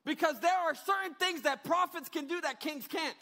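A male preacher delivering a sermon, retelling scripture in casual slang and rising to shouted emphasis. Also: extremely high pitch, normal speed. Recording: reverberant hall.

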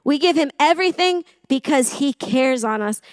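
A woman's voice: high voice, expressive, moderate pace, dry recording. A woman who teaches English giving a chatty, conversational sermon, often asking the listeners questions and poking fun at herself. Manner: chatty, self-deprecating, asks the room questions.

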